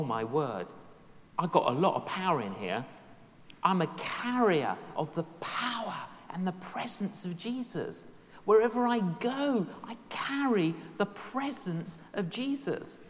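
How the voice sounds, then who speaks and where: A woman preaching a sermon, telling personal stories and repeating key phrases for emphasis. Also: on the low side. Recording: long hall reverb.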